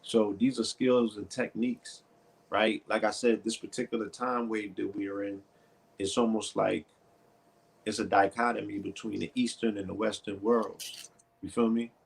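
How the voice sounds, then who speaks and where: Male co-host, lowish, gravelly voice, easygoing and conversational. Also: flat delivery, moderate pace. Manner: laid-back, conversational, checks in with the listener. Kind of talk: casual chat.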